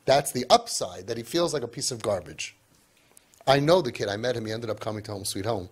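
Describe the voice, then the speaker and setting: A man lecturing parents, emphatic, tossing in asides and Yiddish and Hebrew words, his pitch and loudness swinging for emphasis. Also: expressive, fairly quick, breathy edge. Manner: emphatic, with many asides of "right?" and "okay?". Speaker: parenting speaker.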